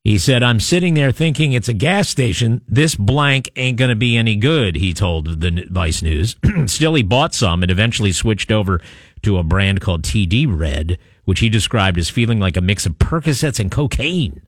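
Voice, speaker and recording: Low-voiced radio host guy, dry close mic, chatty and wry, lots of uhs. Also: lively intonation, normal speed, no echo. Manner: conversational, wry asides, frequent uh fillers. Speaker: radio talk show host. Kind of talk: talk radio monologue. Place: radio studio. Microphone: studio microphone.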